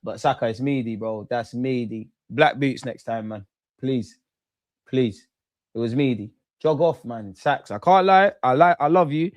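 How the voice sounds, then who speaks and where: A man streams his reaction to a football match, talking straight to his chat and to the players, his voice jumping between calm and loud outbursts. The sound is dry and close, with no room echo. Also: medium pitch, unhurried. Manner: excitable, swears, talks to chat and players. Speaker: football watchalong host.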